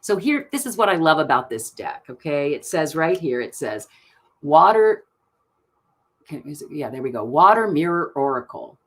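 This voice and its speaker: Woman, middle-aged, tarot reader, gentle live-stream reading, somewhat low voice. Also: sing-song, fairly quick, hardly any pauses. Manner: soft, gentle and emotional, laughs often.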